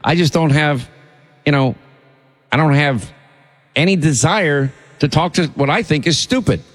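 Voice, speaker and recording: Indignant male radio host, roomy sound. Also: mid-range voice. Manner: indignant, emphatic, rambling. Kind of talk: talk radio monologue.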